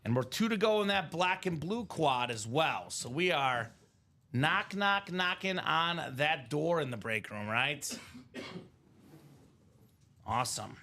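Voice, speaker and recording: Bright, high-voiced man hosting. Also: animated, unhurried. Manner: enthusiastic, chatty sports banter. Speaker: live card break host. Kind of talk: upbeat live stream commentary.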